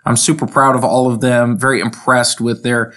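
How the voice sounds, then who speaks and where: A man's voice: mid-range voice, normal speed. Enthusiastic male tech coach on a podcast. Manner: enthusiastic, proud, steady explainer. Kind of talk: casual podcast chat.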